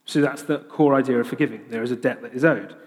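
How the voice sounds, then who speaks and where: A man preaching a sermon, animated and humorous, with lively voiced asides. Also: mid-range voice, quick pace. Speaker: pastor. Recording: long hall reverb.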